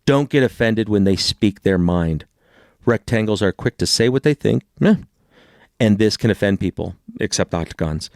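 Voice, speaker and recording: A man hosting a casual podcast conversation, animated and swearing freely as he reads passages aloud. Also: fairly low pitch, normal speed, creaky, no echo, clean studio sound. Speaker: podcast host.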